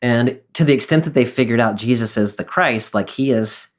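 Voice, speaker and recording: A man's voice: medium pitch, moderate pace. Guy cohost, teacher type, eager, explaining lots, "like" everywhere. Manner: enthusiastic, explanatory, many fillers. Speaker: podcast co-host and teacher. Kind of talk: casual discussion of a Bible passage.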